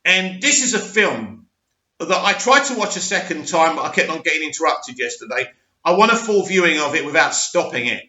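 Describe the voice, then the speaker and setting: A man hosting a movie-news vlog, his high, bright voice bouncing around an echoey room. He rambles excitably and keeps restarting his sentences. The recording sounds dull and lo-fi. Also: a little fast. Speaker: movie news channel host. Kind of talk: casual opinion vlog.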